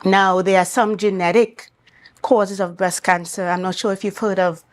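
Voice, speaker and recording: A woman with a Trinidad and Tobago accent, a doctor speaking as a guest on a morning talk show, explaining things in a measured, clinical way. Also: mid-range voice, little pitch movement.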